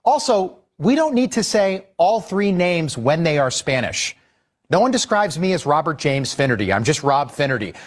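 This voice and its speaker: A man's voice: on the high side, big pitch swings, normal speed. A man giving exasperated opinion commentary as a news commentator. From Irish heritage. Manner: exasperated, scolding.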